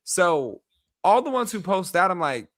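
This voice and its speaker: A man in his thirties co-hosting a podcast, telling stories in a sassy, animated way with lots of "like". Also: high-pitched, measured pace, no echo. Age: 30s. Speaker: podcast co-host. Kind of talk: casual chat.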